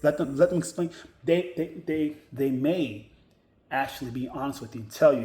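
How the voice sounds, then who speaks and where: A man's voice: on the high side, normal speed, warm tone. A man giving casual career advice to his viewers, emphatic, repeating his key points and often restarting his sentences. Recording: roomy echo.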